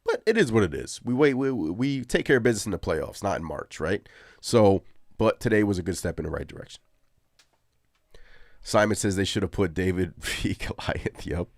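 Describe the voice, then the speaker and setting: A man hosting a live postgame sports reaction show, animated and ranting as he talks to his viewers. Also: on the low side, normal speed, dry recording, clean studio sound. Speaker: sports podcast host.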